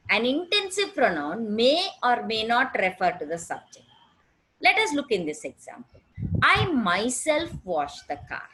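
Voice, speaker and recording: A woman teaching an English grammar lesson, explaining patiently and often checking with a quick question. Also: on the high side, a bit bright, rough recording. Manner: patient, checks understanding with "right?".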